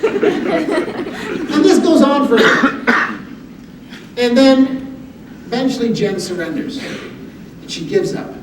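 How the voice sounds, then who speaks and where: A man giving a motivational talk, telling humorous personal stories with an animated, self-deprecating delivery. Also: extremely high pitch, slow pace, pauses often. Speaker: motivational speaker. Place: university lecture hall. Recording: echoey hall audio from far off with background noise.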